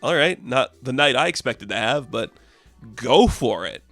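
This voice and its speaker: A man's voice: mid-range voice, expressive, measured pace, fairly bright tone, no room sound, faint music behind. A man voicing a flirty, wry horror hostess, talking in a dry, wisecracking way.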